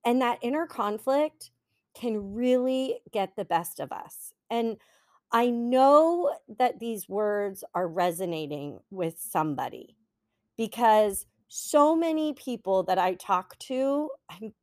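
Slow, earnest woman podcast host. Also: fairly high pitch, lively intonation, a little mellow, no echo, clean studio sound. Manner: earnest, encouraging, slow and heartfelt. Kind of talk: reflective solo podcast talk.

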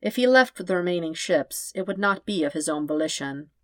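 A woman reading aloud and voicing a gentle, weary old man who speaks quietly and formally. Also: fairly low pitch, animated, a little fast, no room sound, lightly acted. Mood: grave.

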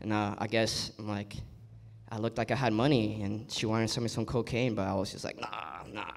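A man's voice: fairly low pitch, steady tone, fairly quick. A man doing live stand-up on a comedy club stage, telling stories animatedly and acting out the people in them.

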